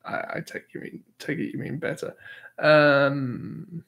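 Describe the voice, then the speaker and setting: A man's voice: on the high side, fairly even intonation, a little slow, gravelly, fairly bright tone. A man hosting a casual livestream, reading out chat questions with easy chuckles and self-deprecating remarks. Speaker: livestream host. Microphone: new desktop microphone.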